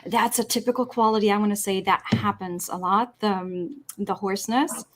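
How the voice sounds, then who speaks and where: Woman voice expert explaining clearly. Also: mid-range voice, steady tone, normal speed, a bit bright. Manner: clear teacherly explaining, demonstrates voice qualities. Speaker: speech-language pathologist guest. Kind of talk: explanatory interview answers.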